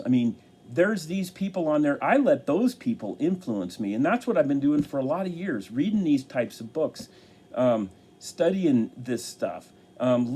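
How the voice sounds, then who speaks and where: An earnest man talks to camera, offering life encouragement in a halting way and restarting his sentences often. His voice is mellow and sits at a middle pitch. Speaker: motivational speaker. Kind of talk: motivational talk to camera.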